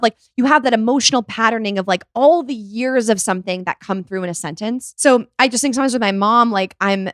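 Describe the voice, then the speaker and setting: A woman's voice: on the high side, dry recording, clean studio sound. A young woman hosting a podcast, chatting casually and acting out quoted voices as she talks. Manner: chatty, animated, quick to act out quoted voices. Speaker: podcast host. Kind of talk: casual chat.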